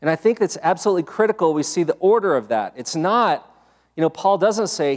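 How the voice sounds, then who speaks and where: A male pastor giving a sermon in a conversational style, with many fillers, rising in pitch when he stresses a point. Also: lively intonation, brisk. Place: church sanctuary. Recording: long hall reverb.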